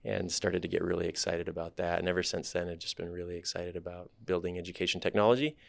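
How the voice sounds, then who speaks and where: A man in his thirties, a startup CEO guest on a podcast interview, telling his story in a relaxed, candid, thoughtful way. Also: sits low, fast, creaky, no room sound.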